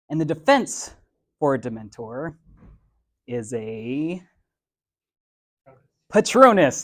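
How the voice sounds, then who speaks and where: A man's voice: fairly high pitch, darkish tone. Playful man giving a motivational talk. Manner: conversational and playful, uses everyday slang; lays points out in numbered steps. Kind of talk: motivational speech to a live audience.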